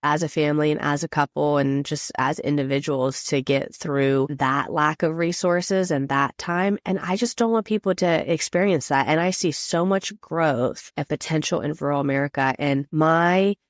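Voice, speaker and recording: A woman's voice: low voice, normal speed, hardly any pauses, dry recording, clean studio sound. A woman from rural Pennsylvania, a guest on an interview podcast, talking casually and earnestly. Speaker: guest, veterans nonprofit leader.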